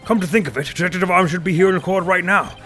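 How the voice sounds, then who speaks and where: A man's voice: high voice, fast, bright, forceful tone, soft background music, voice pushed up. A man voicing a fussy older male courtroom judge, speaking formally for a video game. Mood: puzzled.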